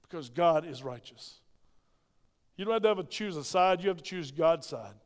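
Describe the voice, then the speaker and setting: High-pitched guy preaching, keeps asking the crowd questions, big echoey church hall. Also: expressive, moderate pace. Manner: emphatic, asks the congregation questions. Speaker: pastor. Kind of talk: sermon.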